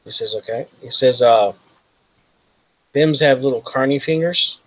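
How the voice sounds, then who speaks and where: A man's voice: medium pitch, measured pace, low-quality recording. A man narrating as game master, loosely and with many fillers. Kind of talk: narrating a tabletop role-playing game.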